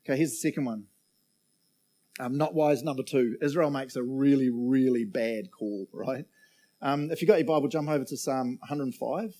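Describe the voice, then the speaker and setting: A man's voice: mid-range voice, normal speed, mellow. A middle-aged man preaching a sermon in a chatty, joking way, often laughing and asking the room questions. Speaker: pastor. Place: church auditorium.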